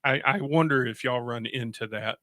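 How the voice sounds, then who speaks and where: A man's voice: medium pitch, moderate pace, pushed and bright, no echo, studio quality. A man hosting a radio talk show, joking and telling stories with acted-out voices. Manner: jokey storyteller, acts out voices. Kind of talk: casual chat. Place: radio studio.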